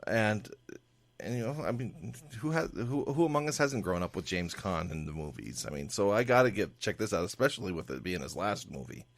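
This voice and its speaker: Halting, animated male movie reviewer. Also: lowish voice, dry recording. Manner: halting, repeats words, laughs often. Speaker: podcast co-host. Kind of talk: casual movie review chat.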